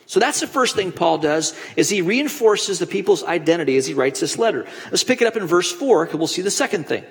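High-voiced man preaching in a hall. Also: animated, a little fast. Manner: conversational storytelling preacher with restarts. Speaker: pastor. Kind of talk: sermon.

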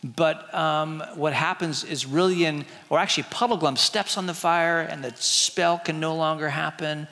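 A man's voice: fairly high pitch, sharp tone, big-room sound. A man retelling a storybook to a group, chatty and asking the listeners questions as he shows pictures. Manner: chatty, asks the audience questions. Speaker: teacher retelling a book.

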